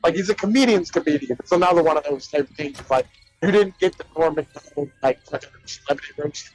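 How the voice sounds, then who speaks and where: Animated high-voiced man telling stories. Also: quick pace, soft background music, low-quality recording. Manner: animated, profane, says "right?" and "like" often. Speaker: podcast co-host. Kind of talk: casual chat, retelling comedy bits.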